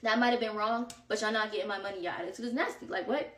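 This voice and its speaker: A young woman vlogger telling a casual storytime, animated and slangy, acting out text messages as she goes. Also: mid-range voice, quick pace, distant mic, slight background noise. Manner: animated, slangy, quoting texts in voices. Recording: roomy, from off the mic.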